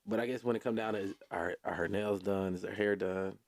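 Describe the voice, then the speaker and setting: A man's voice: lowish voice, fairly even intonation, brisk. A man hosting a casual podcast chat, laid-back and rambling, with many fillers and chuckles. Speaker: podcast host.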